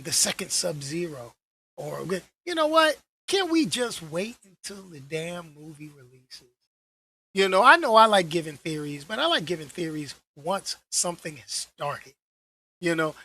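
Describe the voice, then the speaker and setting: A man hosting his own channel, ranting casually to camera in an animated, slangy way and repeating phrases for emphasis. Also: high voice. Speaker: channel host.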